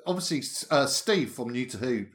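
A man's voice: medium pitch, expressive, normal speed. A man, co-hosting a podcast in casual chat and telling anecdotes with frequent laughter. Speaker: podcast co-host.

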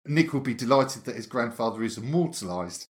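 A man's voice: medium pitch, animated, a little fast. A man, co-hosting a podcast in casual chat and telling anecdotes with frequent laughter. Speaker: podcast co-host.

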